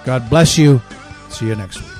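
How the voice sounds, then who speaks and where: A man's voice: mid-range voice, moderate pace, a little mellow, soft background music. A man hosting a talk radio show, delivering a fervent, emphatic political monologue with a preachy edge, a bit out of breath.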